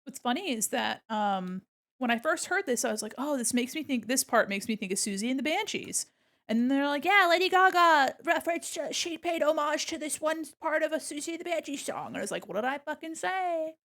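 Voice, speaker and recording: A woman's voice: high voice, expressive, fairly quick, fairly bright tone. Giggly woman streamer chatting while drawing. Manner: giggly, chatty, swears casually. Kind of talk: casual livestream chat while drawing.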